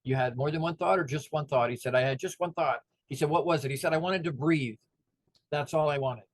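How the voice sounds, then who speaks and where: A man's voice: a little high, brisk, dry recording. A middle-aged man giving a motivational talk, telling stories and acting out the voices of the people in them. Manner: animated, acts out the voices of people in his stories. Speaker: motivational speaker.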